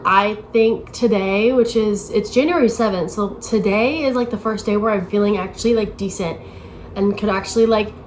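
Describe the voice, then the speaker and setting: A woman's voice: fairly high pitch, slight background noise, poor audio. A woman in her late twenties talking casually to camera in a rambling, self-deprecating way, full of "like" fillers. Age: 20s. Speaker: vlogger. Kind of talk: casual vlog chat. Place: at home, moving to her desk.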